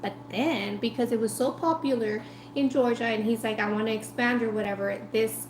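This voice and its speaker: A woman food vlogger telling a story in a chatty, animated way while eating, full of "like" and asides. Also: a little high, moderate pace, roomy sound, noisy background.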